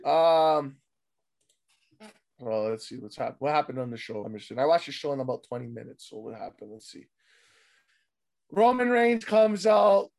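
A podcast host who is losing his voice chats loosely with a friend about a wrestling show, cursing freely and doing quick impressions of people before trailing off into mumbles. His hoarse voice sits mid-range with a darkish tone and lively intonation.

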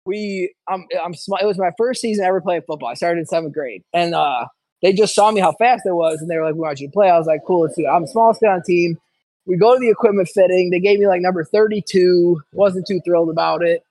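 A podcast host with a high male voice rambles through animated stories full of restarts. The sound is dry and close, with no room around him. It comes across as easy, unscripted chat. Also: fast talker, no echo, low-quality recording.

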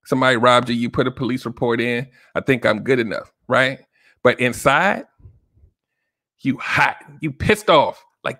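A man's voice: mid-range voice, moderate pace, sharp tone, no echo, studio quality. A man hosting a solo relationship-advice podcast, talking casually and directly to listeners, often checking in with "right?". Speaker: podcast host.

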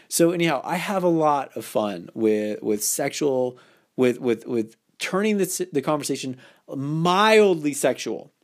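A man's voice: a little high, expressive, unhurried. A man hosting a casual advice podcast, talking playfully and acting out the lines he quotes, with many restarts. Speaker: podcast host.

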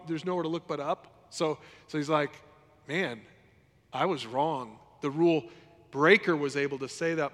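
A man's voice: a little high, fairly bright tone. Preaching man in a reverberant hall. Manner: conversational preaching with repeated phrases. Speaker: pastor. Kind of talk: sermon.

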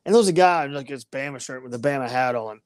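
A woman's voice: rumbling low, quick pace, darkish tone, smooth, dry recording, clean studio sound. A woman co-hosting a casual sports chat, ranting and mocking rival fans. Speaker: podcast co-host.

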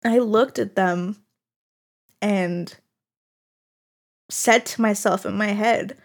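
Young woman, podcast host, slow unhurried talk, gravelly fry, halting and candid, solo monologue. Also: mid-range voice. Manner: candid and halting, many fillers and restarts. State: tearful, voice breaking.

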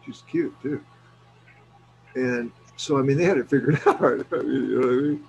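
Gravelly middle-aged man, animated storyteller. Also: medium pitch, normal speed, highs cut off, slight background noise. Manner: animated storyteller, swears freely, laughs often. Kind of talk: casual chat.

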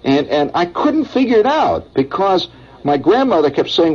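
Man, middle-aged, radio storyteller, conversational asides, animated pitch, dull vintage radio sound. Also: moderate pace, breathy edge. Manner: folksy and conversational, with chuckles and asides to listeners. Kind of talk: rambling spoken storytelling.

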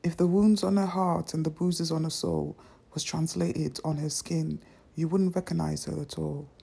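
A woman's voice: low voice, steady tone, moderate pace, vocal fry, mellow, slightly rough. A young woman, vlogging casually from home into a phone in a rambling, self-mocking way, often dropping into whispers. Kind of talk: casual unedited vlog.

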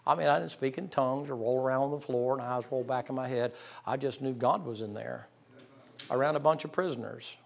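A man's voice: mid-range voice, a little fast, gravelly. Folksy preacher man. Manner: folksy storyteller, acts out voices, swings between hushed and loud. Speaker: pastor. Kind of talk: sermon.

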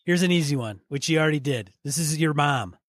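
A man's voice: a little high, animated, a little fast, no echo, clean studio sound. A man co-hosting a casual podcast, talking his partner through voice exercises. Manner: coaching, prompts his partner by name. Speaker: podcast co-host.

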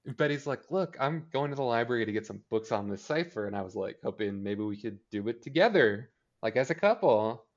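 A man's voice: mid-range voice, expressive. Chatty man on a lo-fi recording. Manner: chatty, sarcastic, acts out characters' lines in quick impressions. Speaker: podcast co-host recapping a TV episode. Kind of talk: casual chat.

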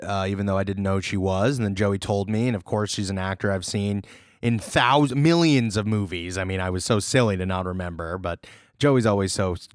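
A man co-hosting a podcast in casual chat, jokey and animated, laughing often. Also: fairly low pitch, fairly quick, clean tone, dry recording, clean studio sound. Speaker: podcast co-host.

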